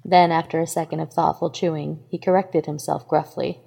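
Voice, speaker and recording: A woman narrating a fan fiction story in a steady, even reading voice. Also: low-pitched, fairly quick, creaky, husky, big-room sound. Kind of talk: scripted narration.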